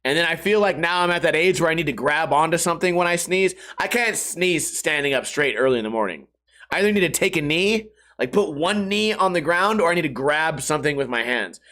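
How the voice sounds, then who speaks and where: A man's voice: a little high, animated, a little fast, bright, forceful tone. Rambling, profane male podcast host. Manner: rambling, profane, jokey, acts out quotes in other voices. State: hungover and stiff. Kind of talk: casual solo podcast storytelling.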